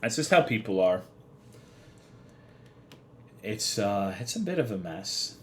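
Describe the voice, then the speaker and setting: A man's voice: on the low side, big pitch swings, slow, a bit bright, slight background noise. Profane rambling young male streamer. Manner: profane, rambling, self-deprecating. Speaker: livestreamer. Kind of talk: casual livestream chat.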